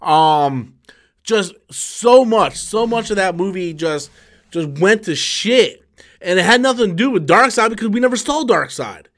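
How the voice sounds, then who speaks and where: A high-pitched man hosting a live stream, talking loosely and heatedly. He swears constantly and trips over his own restarts. His voice sits well above the usual male range. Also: fairly bright tone. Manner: profane, heated, swears often; many fillers and restarts, loose talk. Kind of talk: casual ranting live stream.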